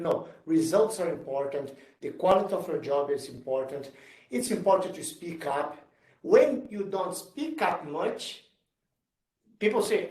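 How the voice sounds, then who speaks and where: Male executive speaker, slightly high voice, earnest and emphatic, picked up from a distance in a roomy space. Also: very animated, normal speed, darkish tone. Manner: earnest, emphatic, repeats himself in non-native English. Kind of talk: motivational talk and Q&A. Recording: roomy sound from far off the mic.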